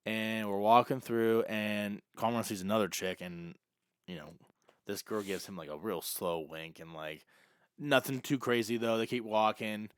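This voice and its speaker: Young guy, podcast co-host, spins an animated story, smooth clear voice. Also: fairly low pitch, normal speed, no echo. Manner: animated, acts out quoted dialogue. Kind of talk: casual storytelling chat.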